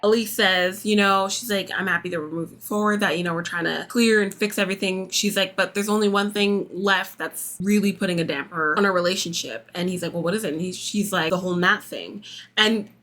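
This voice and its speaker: A young woman casually recapping a reality show, chatty and quick, acting out the lines people said. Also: mid-range voice, a bit bright. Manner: chatty, fast, full of "like", acts out quotes.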